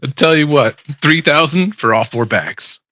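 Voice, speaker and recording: A man's voice: on the high side, moderate pace, pushed and bright, no room sound. A man playing in a tabletop game, describing his character's actions casually and laughing often. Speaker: player.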